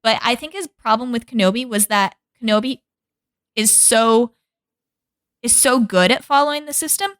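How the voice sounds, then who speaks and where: A woman with a fairly high, bright voice talks casually as a podcast co-host. She is animated, laughs often and swears freely. The sound is dry and close to the mic. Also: moderate pace, no room sound. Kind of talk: casual chat.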